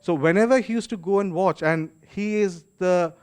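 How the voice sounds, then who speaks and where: A man's voice: high voice, moderate pace, smooth. A man with an Indian English accent hosting and moderating a book launch, talking casually with frequent fillers and restarts. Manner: chatty, warm-up remarks with many restarts and fillers. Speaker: host and moderator. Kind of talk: casual public speaking at an event. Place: event hall.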